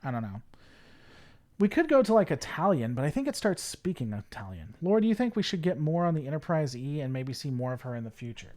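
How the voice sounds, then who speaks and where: A male livestream host talks casually at his desk mic, rambling between thoughts and answering viewer messages as they come in. His voice sits a little high and swings animatedly up and down. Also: sing-song, fast talker, a little mellow. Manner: rambling, reads chat aloud and answers it.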